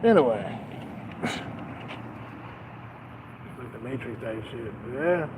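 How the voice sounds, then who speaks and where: A man's voice: mid-range voice, expressive, takes it slowly. A young man streaming, talking in a loose, profane, rambling way with lots of fillers, outdoors by a street with traffic. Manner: rambling and profane, often laughing, many fillers. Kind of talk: casual rambling monologue.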